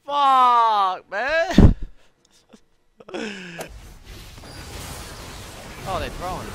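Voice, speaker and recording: Live-streaming a video game, a man gives brash, profane commentary that jumps from low mutters to sudden shouts. He is very animated yet speaks extremely slowly, and there's a slight hiss or hum in the audio.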